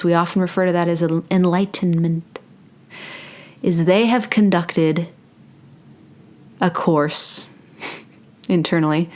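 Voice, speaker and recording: Playful woman with whispered asides. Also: fairly low pitch. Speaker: spiritual channeler and meditation host. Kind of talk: casual channeling talk to camera.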